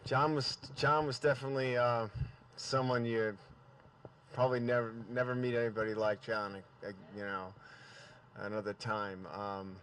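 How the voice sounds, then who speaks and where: A man giving a halting, hesitant remembrance at a memorial gathering. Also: on the low side, a bit bright, clean tone, no room sound. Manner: hesitant, many fillers and restarts. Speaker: memorial speaker. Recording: far from the mic.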